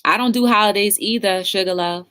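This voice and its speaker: A woman's voice: mid-range voice, fairly quick, pushed and bright, clean tone. A woman hosting a casual livestream talk show, chatting with viewers in the live chat and encouraging them.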